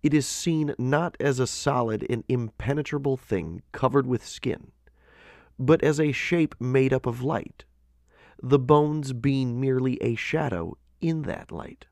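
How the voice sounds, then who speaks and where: A man narrating a devotional audiobook in a measured, expressive way with earnest emphasis. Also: medium pitch, creaky, no room sound, clean studio sound.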